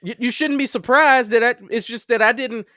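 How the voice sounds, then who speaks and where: Male co-host in his thirties, high and lively voice, blunt joking opinions, dry recording. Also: fairly quick, no echo. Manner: joking, opinionated, mocks others' speech. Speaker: podcast co-host. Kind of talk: casual chat.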